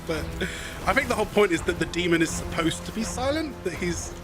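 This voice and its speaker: Over music, a half-Scottish man livestreams a video game, offering rambling commentary and laughing often. His voice sits high and sounds expressive and brisk.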